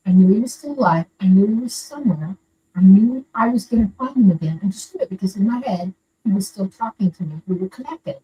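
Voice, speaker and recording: This caller is an older Floridian woman with a mellow, mid-range voice, sharing a personal story in casual, earnest, meandering fashion. She's picked up by a distant microphone, with a little background noise underneath.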